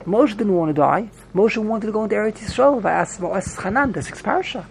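A man's voice: high-pitched, expressive, fairly quick, gravelly, slight background noise. A man teaching a Talmud class, repeating himself animatedly and mixing English with Hebrew and Yiddish terms.

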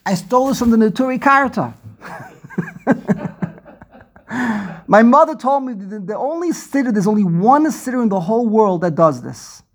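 Host, male, breathy voice, animated storyteller on a video call mic. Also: high-pitched, unhurried, long pauses. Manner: animated storyteller, laughs often. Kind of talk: casual conversation.

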